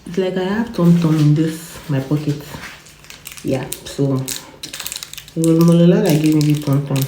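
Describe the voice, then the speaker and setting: Speaking a little slowly in a deep, warm voice, a vlogger in her twenties chats casually to a phone camera. The room sounds roomy with slight background noise, and she coughs, rambles, repeats words and laughs often.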